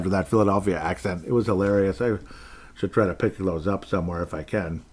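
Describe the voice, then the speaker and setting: A man talking through a solo sports podcast in a casual, rambling way. His voice sits on the low side, and he keeps stopping to correct himself. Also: brisk. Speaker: podcast host.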